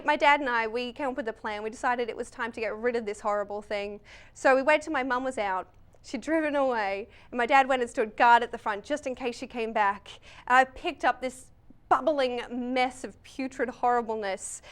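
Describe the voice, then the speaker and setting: An Australian woman in her late twenties, a stand-up comedian with a dry, quick, wry way of talking. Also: a little high, clear, resonant tone. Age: late 20s. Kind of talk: stand-up comedy and interview chat.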